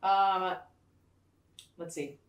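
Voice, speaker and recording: A woman's voice: fairly low pitch, steady tone, drawn-out words, distant mic. A young woman in a casual chat, loosely explaining a game with fillers and emphasis. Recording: roomy, away from the mic.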